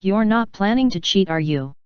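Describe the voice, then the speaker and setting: A woman's voice: medium pitch, animated, moderate pace, darkish tone, clear, resonant tone, no echo, highs cut off, natural voice. A woman reading as a cheeky young brother.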